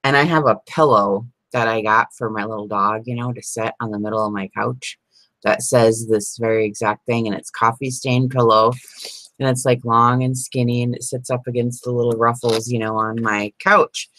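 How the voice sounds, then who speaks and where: A woman's voice: very deep voice, fairly even intonation, normal speed, a bit bright, dry recording, poor audio. A middle-aged woman chatting casually on a crafting live stream, rambling and laughing often. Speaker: crafting vlogger.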